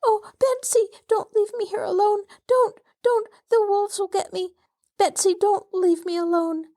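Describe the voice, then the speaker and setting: A woman's voice: extremely high pitch, fairly even intonation, moderate pace, voice pushed up. A woman voicing a frightened little girl trapped in a pit, sobbing and pleading. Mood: sobbing, terrified.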